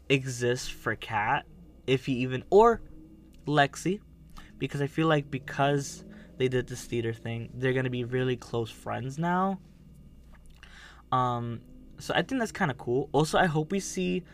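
A man hosting a casual podcast, talking in a rambling way with many fillers. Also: medium pitch. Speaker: podcast host. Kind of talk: casual chat.

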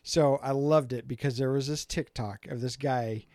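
A man co-hosting a casual podcast, talking freely and animatedly, acting out little scenes as he tells stories. His voice sits at an ordinary middle pitch. The sound is close and dry, with no room around it. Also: normal speed, no echo. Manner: animated storyteller, acts out voices in anecdotes. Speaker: podcast co-host. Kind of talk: casual chat.

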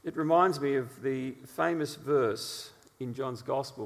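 A man preaching a sermon, telling stories in an animated way with frequent "uh" fillers. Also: medium pitch, a little slow, vocal fry, hardly any pauses, in a large hall.

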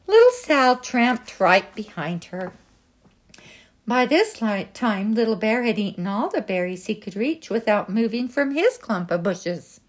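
A woman reading a children's picture book aloud in a gentle, expressive way. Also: on the high side. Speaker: storybook reader.

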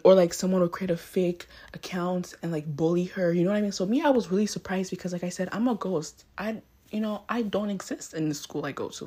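A woman's voice: on the low side, darkish tone, breathy edge. A young woman in her late teens, hosting her own podcast and telling a story in a rambling, casual way, often correcting herself and asking "you know what I mean," recorded on a phone. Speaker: podcast host. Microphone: phone mic.

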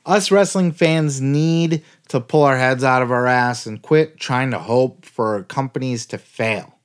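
A man's voice: medium pitch, unhurried. Fired-up man ranting on a podcast. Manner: heated, sarcastic, swears constantly. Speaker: podcast host. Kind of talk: profane ranting podcast commentary.

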